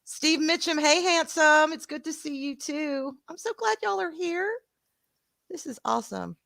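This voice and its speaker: A woman's voice: sits high, expressive, measured pace, creaky, fairly bright tone, no room sound. A woman with a Southern US accent, co-hosting a casual livestream and greeting her chat, calling viewers sweetheart and honey with a giggle. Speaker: co-host of a stream.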